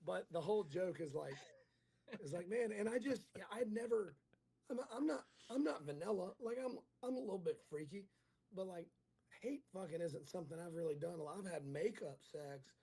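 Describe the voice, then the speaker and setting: A male comedian in casual chat, telling a rambling, crude, self-mocking story and acting out every line of dialogue. His voice is gravelly and husky, sitting a little high for a man. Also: lively intonation, a little fast, warm tone. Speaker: comedian guest.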